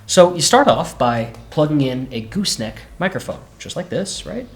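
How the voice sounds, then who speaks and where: A man hosting a relaxed synth demo lesson, often checking in with "right?" as he explains. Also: fairly high pitch, normal speed, over loud music. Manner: relaxed, says "right?" a lot. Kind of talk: casual instructional demo. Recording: roomy echo.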